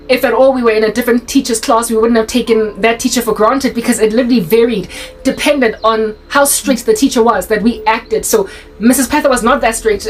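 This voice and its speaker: A woman tells a story in a casual, animated way. Her voice sits high, and she keeps laughing as she goes. Faint music plays softly behind her. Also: rough recording. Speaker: faith vlogger.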